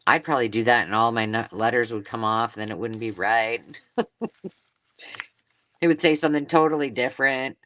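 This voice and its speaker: Hosting a live craft stream, this woman talks fast with few pauses in a rumbling low voice that still has a fairly bright tone. She chats casually, gushing effusively over the mail she unboxes and dropping chatty asides.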